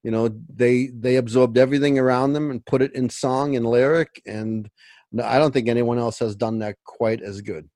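A man who is a music historian and a radio guest, telling stories in an animated way and acting out the quotes. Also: mid-range voice, moderate pace, no room sound. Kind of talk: casual radio chat.

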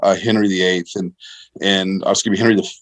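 A man, an army veteran, telling his service stories in a relaxed, rambling way, with fillers and self-corrections. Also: sits low, fast talker, dry recording, low-quality recording. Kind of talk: casual conversational storytelling.

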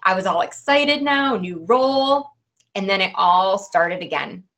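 A woman in her forties telling her own story as a podcast guest, chatty and animated, dotting her talk with "like" and "you know". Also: mid-range voice, a little slow. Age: 40s. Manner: chatty, animated, peppered with "like" and "right". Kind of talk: candid personal storytelling.

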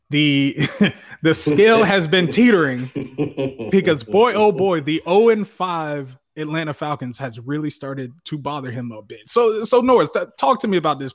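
A man hosting a casual sports talk show, animated, laughing often and restarting his sentences. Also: a little high. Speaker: podcast host.

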